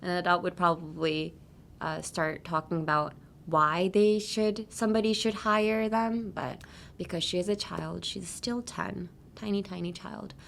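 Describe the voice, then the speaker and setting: A woman's voice: fairly low pitch, level tone, a little slow, vocal fry, fairly bright tone, slight background noise. A woman hosting a casual language-lesson podcast. She explains phrases in a loose, chatty way, full of "like" and "um", and switches between English and Japanese. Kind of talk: casual teaching chat.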